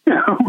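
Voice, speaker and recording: A man, a musician guest, telling rambling stories in a casual interview, laughing often. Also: very high voice. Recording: tinny phone line, dry.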